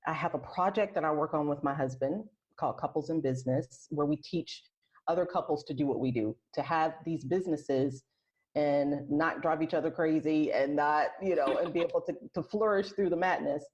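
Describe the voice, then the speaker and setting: A woman talking as a podcast guest in casual interview chat, soft and reflective, often restarting her sentences. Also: low voice, moderate pace. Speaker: podcast guest, aromatherapist and health coach. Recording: lo-fi muffled sound.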